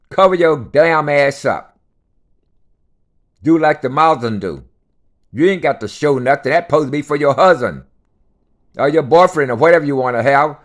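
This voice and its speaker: A man delivering an unscripted rant, blunt and profane, lecturing his listeners and hammering each point home with repetition. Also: fairly high pitch.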